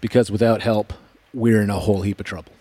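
A man who preaches, speaking as a podcast guest, slow and measured. His voice is low. The sound is dry and close. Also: steady tone, warm tone, no room sound. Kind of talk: casual podcast chat.

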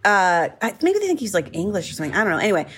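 A woman hosting a casual podcast interview, playful and quick to laugh, often jumping in with asides. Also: medium pitch, sing-song, fairly bright tone, slight background noise. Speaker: podcast host.

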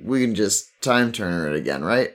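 A man role-playing in a tabletop game, upbeat and decisive as he pushes the group along. His voice is on the low side. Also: lively intonation, moderate pace. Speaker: player.

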